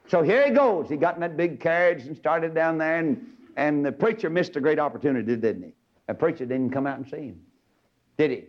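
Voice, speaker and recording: A man preaching a radio sermon in a folksy storytelling manner, dropping to low murmurs and climbing to shouting peaks, on a dull lo-fi radio recording. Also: a little fast.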